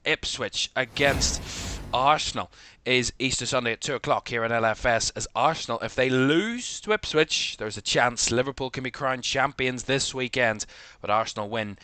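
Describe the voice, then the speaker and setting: A man's voice: medium pitch, moderate pace, sharp tone. A man with a Northern Irish accent from Belfast, hosting live watchalong commentary in a rambling way, full of fillers. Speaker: host.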